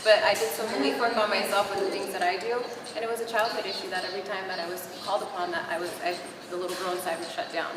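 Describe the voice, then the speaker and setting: A woman's voice: medium pitch, little pitch movement, racing, hardly any pauses. A woman earnestly explaining herself in a casual conversation. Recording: echoey hall from far off, background noise.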